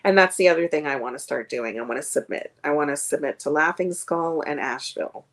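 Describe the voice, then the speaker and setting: A woman's voice: sits low, fast, fairly bright tone. A woman comedian chatting as a guest on a streamed video call, rambling with many fillers. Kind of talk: casual interview chat.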